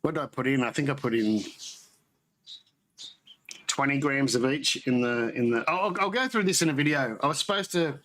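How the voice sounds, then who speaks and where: A man chats loosely on a homebrewing livestream, drifting between thoughts and restarting his sentences. His voice sits at an ordinary middle pitch. A faint hiss of noise runs under the recording. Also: moderate pace, long pauses, a bit bright, poor audio. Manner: rambling, self-correcting, tasting beer on stream. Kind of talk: casual live chat.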